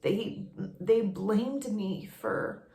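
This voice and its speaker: A woman's voice: mid-range voice, creaky, warm tone. Tearful woman in an echoey room. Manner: halting, with many restarts and fillers. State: tearful, emotional; raw nose from allergies. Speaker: vlogger. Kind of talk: personal confessional vlog.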